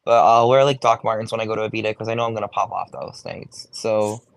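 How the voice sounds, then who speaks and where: A man's voice: fairly low pitch, flat delivery, fast talker, no room sound. A young man, a go-go dancer, talking casually in an interview, chatty, swearing freely and saying "like" a lot. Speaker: guest, go-go dancer.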